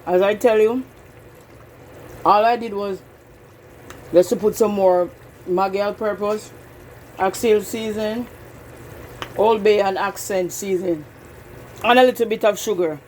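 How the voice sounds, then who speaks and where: A woman's voice: medium pitch, a little slow, long pauses, a little mellow, slight background noise, rough recording. A woman hosting a casual home cooking demonstration in a kitchen, chatting straight to her viewers and repeating herself as she goes. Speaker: cooking channel host.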